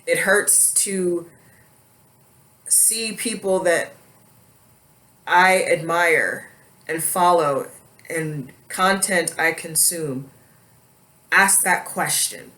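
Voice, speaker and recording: A woman vlogger speaking slowly and haltingly, holding back tears as she talks to her viewers. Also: lowish voice, bright, forceful tone. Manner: slow, halting, emotional. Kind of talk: emotional personal vlog.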